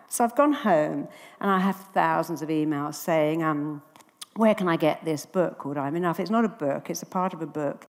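A woman's voice: sits low, moderate pace, long reverb tail. A woman, a therapist giving a talk on stage and acting out the voices in her stories. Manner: animated storyteller, acting out quoted dialogue.

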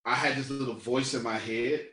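A man, bright, playful coach in an echoey room. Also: medium pitch, steady tone, normal speed, recorded from a distance. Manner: playful, teasing, laughs often. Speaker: business coach. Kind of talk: group coaching session.

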